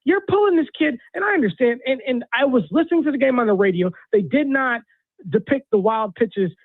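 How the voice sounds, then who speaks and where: Over a tinny phone line, a man calls a sports radio show and rants, fired up and exasperated. His voice is very high-pitched, animated, and brisk, in a dry recording.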